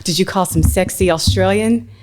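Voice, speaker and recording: A woman's voice: medium pitch, normal speed, a little mellow. A woman co-hosting a podcast in casual chat, playful and chatty, who explains things at length. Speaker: podcast co-host.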